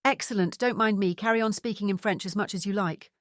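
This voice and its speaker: A woman voicing a wry, breezy female investigator, pitched a little higher than her narration. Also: quick pace, no room sound, studio quality, lightly acted.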